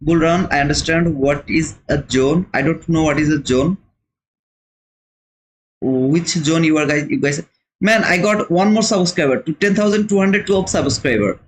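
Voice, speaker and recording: A man's voice: fairly high pitch, moderate pace, slight background noise, poor audio. A man hosting a live trading stream, chatting casually and answering viewers' comments, with frequent repeated words. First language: not English. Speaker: trading livestream host.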